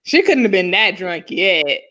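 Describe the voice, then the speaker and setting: A woman's voice: fairly low pitch, measured pace. A young woman co-hosting a casual live review chat over a video call, laughing often and telling stories with energy. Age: young adult. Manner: laughs often, animated storytelling. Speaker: co-host.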